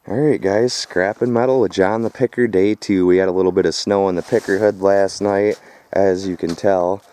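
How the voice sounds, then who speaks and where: Rough-talking outdoorsy man, low voice. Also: steady tone, normal speed, mellow. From Michigan. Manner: rough-talking, swears casually, calls viewers "boys". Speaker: vlogger scrapping metal. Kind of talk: casual vlog narration. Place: outdoors in the countryside.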